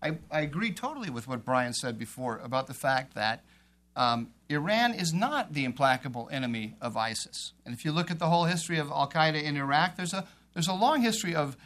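A man speaking on a policy panel, with a voice that sits a little higher than most men's. He argues emphatically, circling back and repeating phrases to drive his point home. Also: lively intonation, a little fast, fairly bright tone. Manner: emphatic, repeats phrases while building an argument.

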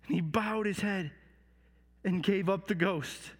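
A man telling a Bible story in the first person, slow and solemn, rising to loud cries at the quoted lines, recorded in a large reverberant hall. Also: high voice. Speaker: dramatic storyteller.

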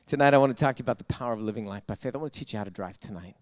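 A man's voice: medium pitch, very fast. A man, a pastor preaching a sermon, telling stories and then calling on the congregation to repeat after him. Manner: storytelling, builds to rousing call-and-response.

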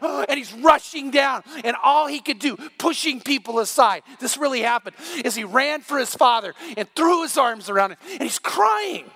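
A middle-aged man preaching an evening sermon, telling a story that builds to shouts. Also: extremely high pitch. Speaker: pastor.

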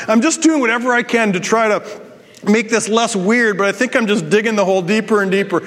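A man's voice: high voice, brisk, a bit bright, big-room sound. A male pastor telling a personal story in a sermon, with self-deprecating humor and frequent restarts.

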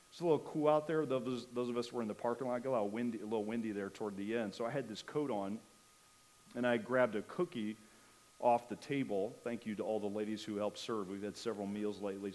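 A man's voice: lowish voice, a little mellow, rough recording. A man preaches a sermon as pastor, speaking into a microphone in a church. He presses his points with emphatic rising questions and repeated words. Now and then he eases off with a light, joking aside.

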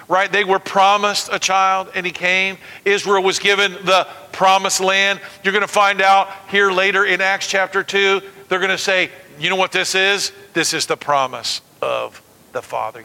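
Male pastor, high ringing bright voice, lively sermon, call-and-response with congregation, long hall reverb. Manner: animated, calls out to the congregation. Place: church sanctuary.

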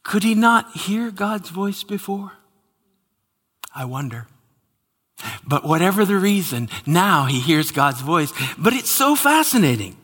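A man preaching a sermon with dramatic swings between loud exclamations and hushed whispers, in a large church hall. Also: sits high, very animated, unhurried, breathy edge. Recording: hall reverb.

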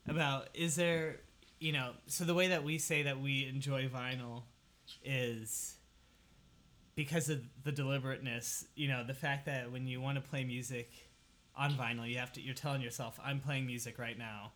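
A man's voice: mid-range voice, steady tone, moderate pace, fairly bright tone. A young man hosting a casual chat, hesitant and full of fillers as he asks questions.

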